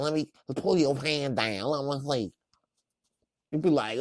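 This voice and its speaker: A man casually reacting to a TV episode in slangy, laid-back talk with lots of laughter and animated retelling. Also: mid-range voice, a little slow, pauses often, no room sound. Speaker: reviewer.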